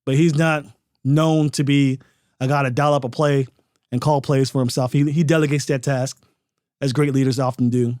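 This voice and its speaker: A man's voice: mid-range voice, steady tone, moderate pace, a little mellow, no echo, clean studio sound. A man hosting a sports podcast, giving emphatic, opinionated commentary full of rhetorical questions.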